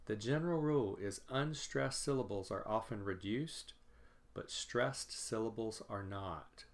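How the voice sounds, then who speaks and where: Male teacher, slow and careful, lowish voice, explains and repeats examples; recorded lecture. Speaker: pronunciation teacher.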